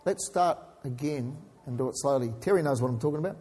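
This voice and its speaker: A man preaching a sermon in a church, his voice sitting high for a man. He chats and jokes with the congregation as he reads scripture. The sound carries a long reverb from a large hall. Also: fast talker, dark tone, breathy edge. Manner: chatty, jokes with the congregation between readings. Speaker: pastor.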